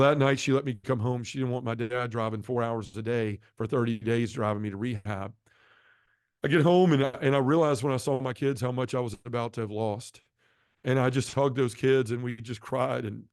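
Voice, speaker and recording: A man's voice: mid-range voice, a little mellow, no echo, studio quality. A middle-aged man sharing his personal testimony as an interview guest, telling his story in an earnest, heartfelt way.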